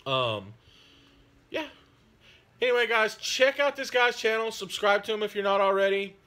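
Bright-voiced man in rambling chat. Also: high voice, animated, moderate pace. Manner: rambling, friendly, chatty with filler. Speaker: hobby channel host. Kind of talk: casual chat.

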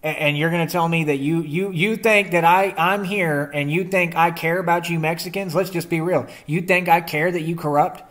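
A man's voice: a little high, fairly even intonation, moderate pace, few pauses, a bit bright. A young man in a confrontational rant to the camera, defiant and combative, using slangy street talk and rhetorical questions. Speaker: vlogger.

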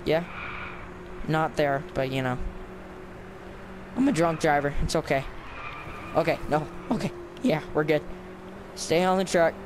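A man's voice: on the high side, measured pace, pauses often. A man giving casual, sarcastic let's-play commentary while grumbling at the game. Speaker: gameplay commentator. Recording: clear background noise with game car sounds.

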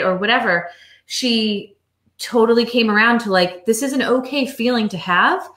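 A woman, a mother and author, telling a story from home in an animated, chatty way during an interview. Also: fairly high pitch, normal speed, echoey room. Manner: animated storyteller, acting out quotes.

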